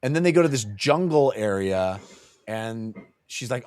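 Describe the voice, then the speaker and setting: A man co-hosting a casual book club chat, retelling scenes with lively quoted asides and laughter. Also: medium pitch, a little slow, dry recording, clean studio sound. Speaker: podcast co-host.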